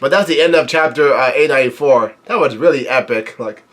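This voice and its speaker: A man reading a comic chapter aloud and commenting as he goes, hesitant with many fillers and easily excited. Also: medium pitch, a little fast. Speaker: manga reviewer. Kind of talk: casual read-through commentary.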